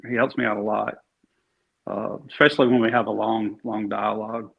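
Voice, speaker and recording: Being interviewed casually, this Alabama-born actor talks with ease, rambling through lots of fillers and restarts. He speaks a little fast in a lowish, gravelly voice with a breathy edge and little pitch movement, over dull lo-fi sound.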